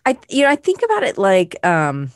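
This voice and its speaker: A woman's voice: medium pitch, huge pitch swings, normal speed, no room sound, clean studio sound. A middle-aged woman hosting a podcast in a casual, rambling, self-reflective chat full of fillers. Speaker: podcast host.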